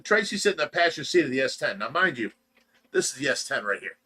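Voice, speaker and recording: A man hosting a casual livestream, telling a story with animated shouts and quick impressions, in a Midwestern American accent. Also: mid-range voice, a crowd in the background. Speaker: show host telling a story.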